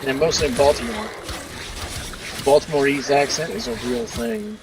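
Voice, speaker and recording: A man's voice: on the high side, moderate pace. A man from Maryland chatting casually and swearing freely with friends on a game stream. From Maryland, USA. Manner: swears casually, animated storytelling. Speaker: gamer on a group stream. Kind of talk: casual chat among friends. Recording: distant mic with clear background noise.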